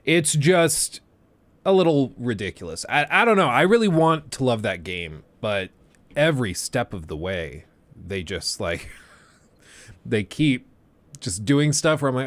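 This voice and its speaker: A man's voice: medium pitch, very animated, measured pace, dry recording. A man hosting a casual livestream, chatty and joking as he rambles through his thoughts. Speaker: streamer host.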